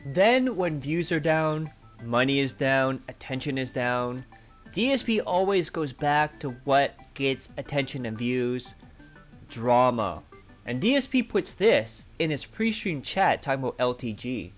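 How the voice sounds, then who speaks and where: A man's voice: medium pitch, lively intonation, a little slow, soft background music. A man hosting a drama commentary channel, sarcastically recapping a streamer's clips. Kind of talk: narrating commentary over clips.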